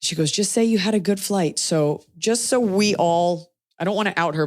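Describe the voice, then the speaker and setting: A woman's voice: sits low, no room sound. A woman in her forties hosting a podcast, telling stories in a casual chat and acting out the people she quotes. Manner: animated, acts out quotes in shifting voices. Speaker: podcast host.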